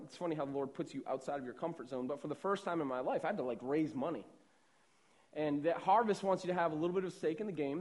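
A young man delivering a sermon in a relaxed, conversational pastor's voice that sits high for a man. He often repeats himself and checks in with the room. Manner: conversational, repeats words and asks "right?".

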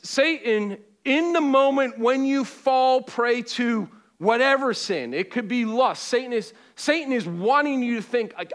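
Animated, high-voiced male pastor preaching. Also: unhurried, hardly any pauses. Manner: animated preaching with call-and-response, wide swings from loud to hushed; joking asides to the congregation. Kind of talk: sermon. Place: church auditorium with congregation.

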